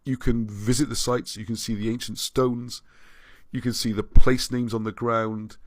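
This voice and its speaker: A man's voice: medium pitch, level tone, moderate pace, dry recording. A man hosting a livestream and reading out viewer comments, rambling and often restarting his sentences. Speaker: livestream host.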